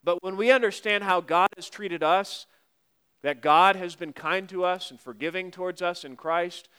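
Man, pastor, sermon, smooth clear voice, slightly high pitch, conversational with wry asides. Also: pushed and bright. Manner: conversational, wry asides, quoting scripture slowly.

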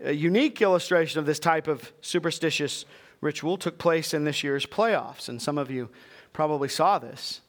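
A man's voice: fairly high pitch, normal speed. A man preaching a sermon from Texas, reading scripture aloud and then explaining it earnestly to his congregation. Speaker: pastor.

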